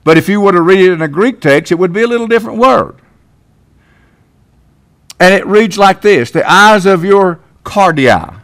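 A man's voice: high voice, normal speed, long pauses. An older man from Tennessee with a Southern American accent, preaching a sermon as pastor in a church, folksy and emphatic with sudden swells. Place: church sanctuary.

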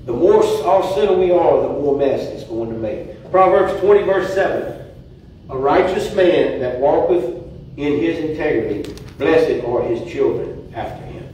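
A man giving an earnest devotional talk to a church congregation, halting now and then to restart his sentences. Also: on the high side, lively intonation, dark tone, slight background noise. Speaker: church speaker. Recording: echoey church room, mic far off.

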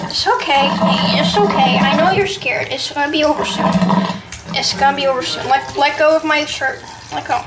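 A woman vlogging her day at home in casual chat, cooing at and scolding puppies in a playful, excitable way. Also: high-pitched, moderate pace, heavy background noise.

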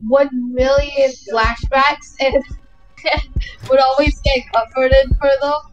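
A woman chats casually with a friend while they play an online game, teasing and giggling often; she's the co-host of the gaming chat. Her voice sits high with little pitch movement and a slow pace, in lo-fi sound with faint music behind.

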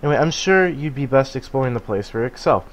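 A man voicing a smug, fashion-proud male duck creature who loves pranks and teases fast, reading game dialogue aloud. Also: medium pitch, animated, natural voice. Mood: boastful. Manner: fast, smug teasing with cackling laugh.

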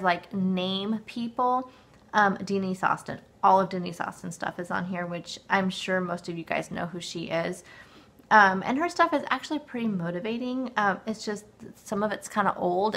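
A woman in her forties who vlogs about weight loss chats casually to the camera from her desk at home. Her mid-range voice is fairly bright with vocal fry and a dry throat, and she rambles, leaning on fillers and restarting often.

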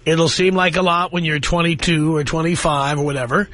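A man's voice: on the high side, steady tone, brisk, fairly bright tone, dry recording. A middle-aged man hosting a call-in radio talk show, blunt and lecturing, with dry sarcasm toward callers.

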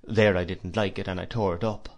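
Man, audiobook narrator, first-person storybook reading, measured and expressive, lowish voice.

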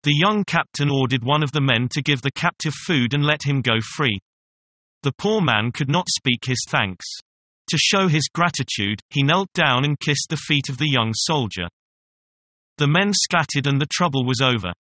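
A man reading a story aloud in a steady, measured storybook narration. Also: mid-range voice, dry recording. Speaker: story reader.

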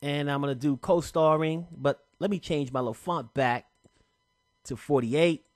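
Man, software tutorial, casual and chatty, slangy, fairly high voice, dry close sound. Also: measured pace, no room sound. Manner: relaxed, chatty, slangy step-by-step explaining. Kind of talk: casual screen-recorded tutorial.

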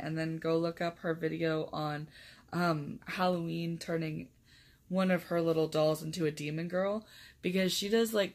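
A young woman vlogger chatting casually to camera, rambling with lots of fillers and frequent laughs. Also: lowish voice.

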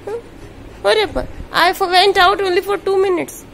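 A woman's voice: very high voice, moderate pace, gravelly, a bit bright, slight background noise. A woman talks at home to her pet dog and to her viewers. She scolds and coaxes the dog playfully. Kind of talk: casual talk to a pet and viewers. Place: at home indoors.

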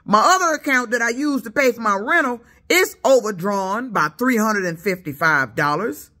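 A woman from Detroit whose speech carries a Southern lilt rants at her commenters from the couch of her apartment. Her voice is high and bright, swinging widely in pitch as she stammers, repeats herself and presses her point with indignation. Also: expressive, normal speed. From Detroit, USA. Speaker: YouTuber. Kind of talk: angry rant at commenters.

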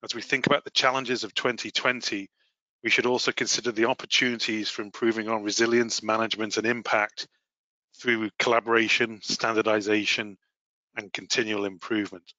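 A man hosting a professional webinar, presenting in a measured, formal way with the odd filler. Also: fairly low pitch, little pitch movement, pushed and bright, dry recording. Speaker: webinar host and asset management lead. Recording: slightly muffled, dry webinar audio.

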